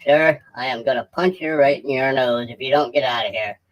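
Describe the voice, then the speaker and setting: A man voicing a short-tempered male police officer in a parody voice-over, his voice sped up into a chipmunk pitch. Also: fairly quick, muffled recording. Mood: threatening. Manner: blunt, threatening. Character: gruff male cop, short-tempered, threatening. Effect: sped-up chipmunk pitch shift.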